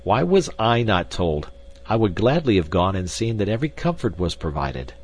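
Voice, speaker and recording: A man reading an audiobook, voicing an earnest, insistent male suitor who speaks deliberately. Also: on the low side, lively intonation, darkish tone, voice pushed up. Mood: chagrined.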